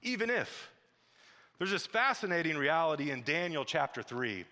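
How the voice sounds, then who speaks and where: Male pastor, emphatic sermon, bright forceful tone, long hall reverb. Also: a little high, animated, a little fast. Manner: emphatic, repetitive preaching with quoted phrases.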